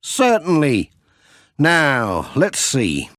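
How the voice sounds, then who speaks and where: Man voicing a cheerful obliging village postman in a storybook, raised and lively. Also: on the high side, extremely slow, no room sound, clean studio sound, pitched above the performer's own voice, heavily acted.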